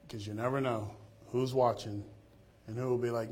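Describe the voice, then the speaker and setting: A man preaching with real swings in volume, dropping soft and then climbing loud. He tells stories and acts out the people he quotes. His voice sits at an ordinary middle pitch. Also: moderate pace, a little hiss or hum. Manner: lively storytelling, quoting others in changing voices. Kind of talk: sermon with closing prayer.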